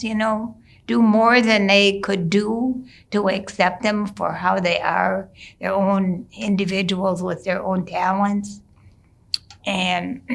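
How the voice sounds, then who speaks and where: Slow, gravelly-voiced woman storyteller. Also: medium pitch. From United States. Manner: unhurried, with gentle hesitations and restarts. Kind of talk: traditional storytelling, told casually.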